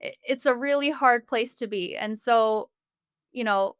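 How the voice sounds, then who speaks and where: A woman's voice: on the high side, a little slow, fairly bright tone, smooth, no echo, studio quality. A woman speaking as a family therapist guest on a podcast interview, explaining earnestly with everyday examples.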